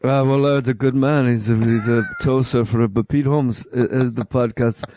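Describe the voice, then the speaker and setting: A man hosting a comedy podcast in casual chat, animated and quick to slip into impressions. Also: medium pitch, slight background noise. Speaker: podcast host.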